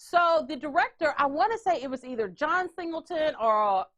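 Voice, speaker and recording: Woman host, high and lively, loud playful storyteller. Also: moderate pace. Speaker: podcast host. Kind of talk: casual chat.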